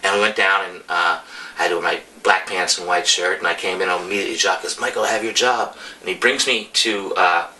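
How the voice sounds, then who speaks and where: A deep-voiced man talks fast in a steady, pushed, bright tone. He's a bartender and bar memorabilia collector from New York's Hudson Valley, rambling enthusiastically through casual stories with many restarts. The mic sits at a distance, and music plays in the background.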